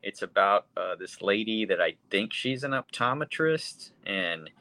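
A man's voice: on the low side, animated, a little slow, bright, forceful tone, no echo. A man co-hosting a podcast, bluntly and profanely rambling through a casual movie review chat. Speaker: podcast co-host.

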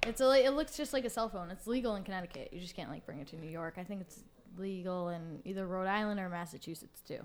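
A woman's voice: fairly low pitch, fast talker, slight background noise. A young woman guest on a podcast, chatty and giggly, telling stories with lots of filler likes. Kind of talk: casual chat.

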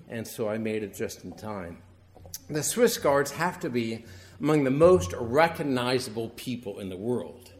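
Middle-aged male priest, wry storytelling homily, mid-pitched voice. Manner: storytelling, conversational with wry humor.

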